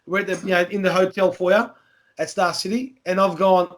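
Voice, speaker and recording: A high-pitched man hosts a casual chat. He tells stories animatedly, swearing freely and acting out the other people in them. The talk is loose and matey. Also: brisk. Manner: animated, profane, acts out voices in his anecdotes. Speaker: podcast host.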